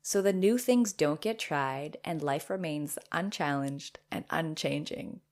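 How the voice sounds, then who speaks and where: A woman podcast host reads her old blog post aloud and breaks in with playful, self-amused comments. Her voice sits low and carries a gravelly edge. She talks in an animated, lively way. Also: unhurried.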